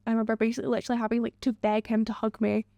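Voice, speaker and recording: Young woman rattling through a personal story, quick and a bit gravelly, dry close sound. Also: a little high, little pitch movement, warm tone, dry recording. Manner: recounts with quoted dialogue, many fillers. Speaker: interviewee.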